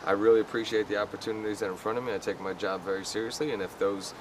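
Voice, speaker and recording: A man's voice: on the low side, rapid-fire, background noise. A middle-aged man, chatting casually about his work in an interview outdoors. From United States. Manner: relaxed, laid-back, with fillers. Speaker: actor guest. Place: outdoors on a city street.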